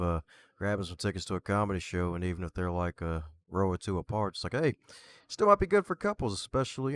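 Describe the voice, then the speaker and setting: A man hosting a podcast, upbeat and playful, repeating catchphrases as he reacts to his guest. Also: lowish voice. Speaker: podcast host. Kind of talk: casual interview chat.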